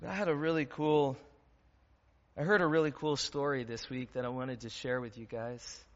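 A man's voice: mid-range voice, fairly even intonation, moderate pace. A man preaching a sermon as a pastor, talking in an earnest, conversational way with fillers. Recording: dull sound with long hall reverb.

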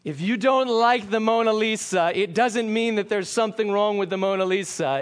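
High-voiced earnest male preacher. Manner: earnest preaching, slows down for emphasis, asks the congregation questions. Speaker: pastor. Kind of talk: sermon.

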